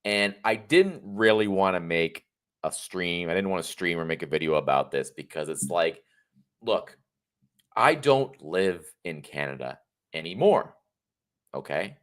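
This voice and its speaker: A man in his thirties with a very low, deep voice hosts an unscripted livestream. He rambles from thought to thought and slips in dry jokes as he goes. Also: animated, a little slow, fairly bright tone. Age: 30s. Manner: rambling, joking, off-the-cuff. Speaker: livestream host.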